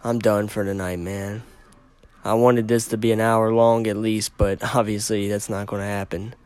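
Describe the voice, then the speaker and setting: A man's voice: fairly low pitch, little pitch movement, moderate pace, darkish tone, clean tone, no room sound. A man hosting his podcast alone, ranting angrily with heavy swearing, agitated and stumbling over his words. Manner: angry, profane, ranting. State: agitated, stammering. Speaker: podcast host. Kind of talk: solo podcast rant.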